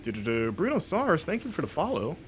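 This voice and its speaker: With music playing behind him, this young American streamer and games critic speaks briskly in a fairly high voice with huge pitch swings. He keeps things casual over gameplay, laughs readily, and jumps into silly mock voices.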